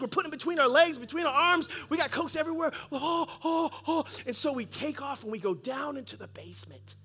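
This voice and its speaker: Animated fifty-something male pastor. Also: very high voice, brisk, few pauses, a little hiss or hum. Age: 50s. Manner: animated, bursts of excited laughter and loud peaks. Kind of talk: sermon storytelling. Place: church.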